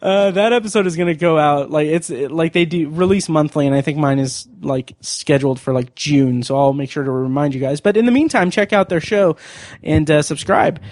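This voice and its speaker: A man hosts a movie podcast in a high, light voice. He talks fast and casually and laughs often. The sound is dry and close, with no room around it. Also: darkish tone, no room sound. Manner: quick, chatty, laughs often. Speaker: podcast host.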